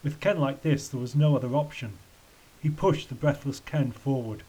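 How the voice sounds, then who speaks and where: A man's voice: mid-range voice, moderate pace, mellow, low-quality recording. Man reading a children's story. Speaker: narrator.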